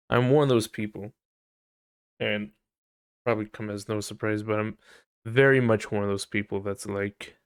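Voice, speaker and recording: A man hosting a casual solo podcast, rambling and swearing, now and then mocking people in high put-on voices. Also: vocal fry, no room sound, studio quality. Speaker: podcast host. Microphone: desk mic on voice chat.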